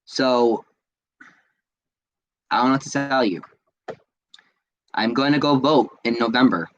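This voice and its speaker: A man's voice: medium pitch, slow pace, muffled recording, slight background noise. Profane ranting man hosting a podcast. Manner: angry, profane, repeats himself, frequent fillers. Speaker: podcast host. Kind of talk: casual solo podcast rant.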